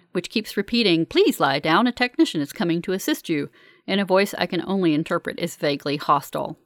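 A woman narrating a first-person novel as an audiobook, in a wry, measured manner. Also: lowish voice, fairly bright tone, no echo, clean studio sound.

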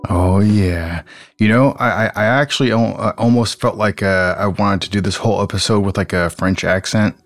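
A man co-hosting a podcast, talking casually in a halting way, with many restarts and fillers. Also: lowish voice. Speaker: podcast co-host.

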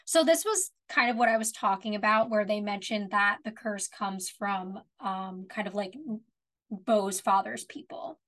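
A woman's voice: mid-range voice, measured pace, fairly bright tone. A woman co-hosting a podcast, chatting casually and giving frank, opinionated takes on an episode. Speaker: podcast co-host. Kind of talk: casual chat, discussing a TV episode.

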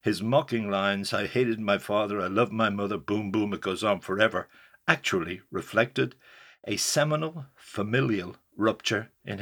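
A man's voice: on the low side, fairly bright tone, breathy edge. An older man, a journalist, reading his own article aloud in a wry, dry storytelling way. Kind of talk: read-aloud first-person memoir narration.

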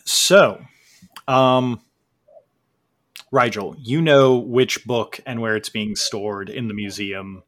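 A man narrating as game master of a tabletop game, relaxed and often chuckling. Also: medium pitch, slow pace, pauses often.

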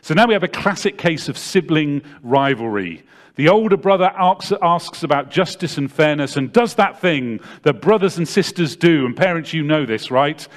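A man preaching a sermon, retelling a story dramatically and swinging from loud to hushed. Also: medium pitch, animated, unhurried.

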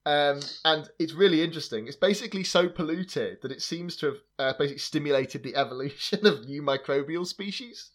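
A man's voice: a little high, a little fast, few pauses. A man hosting a podcast, chatting casually about film trivia in a wry, sarcastic way, with plenty of fillers and laughter. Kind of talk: casual chat.

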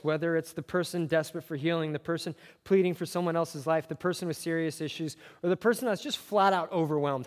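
A man with a slightly higher voice preaches an earnest sermon as pastor, stacking repeated phrases that build. His voice carries with the long reverb of a church hall. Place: church sanctuary.

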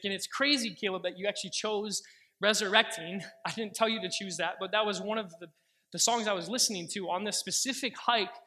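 High-voiced and bright, this young preacher shares earnest testimony within his sermon. When he quotes prayers, his pace eases down.

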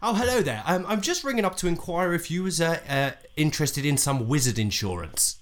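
A man's voice: fairly high pitch, animated, a little fast, pitched above the performer's own voice, natural voice. A man voicing a pushy male fantasy insurance salesman in a prank phone call, with a raised, chirpy sales patter full of hesitations.

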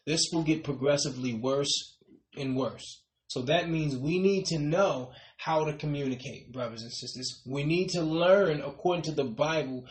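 Emphatic preacher with a high, ringing voice. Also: male voice, echoey room. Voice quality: repeats "brothers and sisters" with a dropping, quiet tail. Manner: emphatic, rising on key points then trailing off softly. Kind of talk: sermon.

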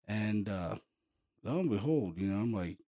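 Low-voiced man telling a spooky story. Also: moderate pace. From Pennsylvania, US. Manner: animated, heavy on fillers like "you know" and "boom". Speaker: paranormal investigator telling a case story. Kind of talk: casual storytelling.

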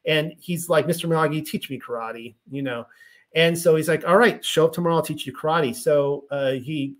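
A man reading passages of a spiritual text aloud and then explaining them in loose, chatty asides full of "you know" and "right?". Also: fairly high pitch.

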